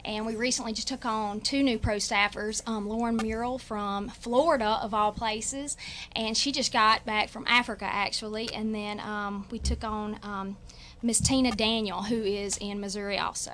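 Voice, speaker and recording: Louisiana country girl guest, giggly and rambling, bright voice with a little background hiss. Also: medium pitch, steady tone, normal speed. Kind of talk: casual radio chat.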